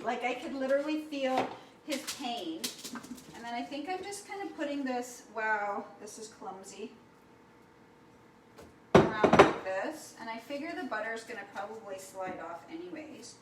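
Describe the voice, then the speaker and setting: A woman's voice: a little high, lively intonation, normal speed, roomy sound, very noisy. A woman talking casually to the camera while cooking, rambling and chatty, often asking "right?". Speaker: cooking vlogger. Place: kitchen. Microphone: camera mic.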